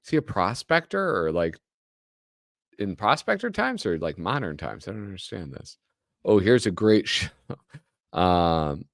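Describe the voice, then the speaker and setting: A man's voice: sits low, big pitch swings, measured pace, gravelly, pauses often, dry recording, studio quality. A man hosting a live show, chatting casually with rambling, joking asides that trail off mid-thought. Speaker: host. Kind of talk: casual live-stream commentary.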